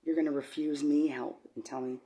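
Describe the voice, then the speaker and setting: Brief: middle-aged woman, lowish voice, emotional testimony, stumbling and repeating words. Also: level tone. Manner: rambling, halting, with many repeated words; shifts from low and quiet to loud and high when agitated. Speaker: vlogger.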